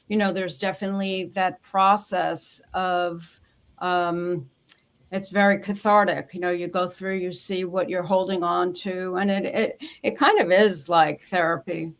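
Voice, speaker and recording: A woman with a lowish voice speaks earnestly as a guest on a conversational interview. She tells her stories with feeling and breaks into soft laughs. She sounds like she is on a video call. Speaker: memoir ghostwriter, guest. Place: home office on a video call.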